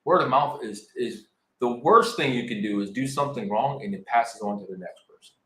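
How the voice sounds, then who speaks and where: A man's voice: medium pitch, fairly quick, bright, forceful tone. A man in his forties co-hosting a casual podcast discussion, talking in an emphatic, worked-up way. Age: 40s. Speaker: podcast co-host. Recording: echoey room.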